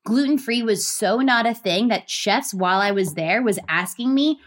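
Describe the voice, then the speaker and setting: A woman in her thirties, a guest telling her story in a lively, gushing way with many fillers. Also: mid-range voice, normal speed. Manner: animated, gushing, lots of fillers. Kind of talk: casual storytelling interview.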